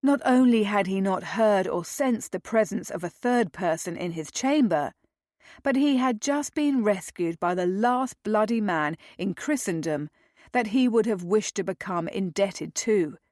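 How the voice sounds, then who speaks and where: A woman narrating a romance novel aloud in a measured, dramatic reading. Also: mid-range voice, lively intonation, darkish tone, no echo, clean studio sound. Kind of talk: audiobook narration.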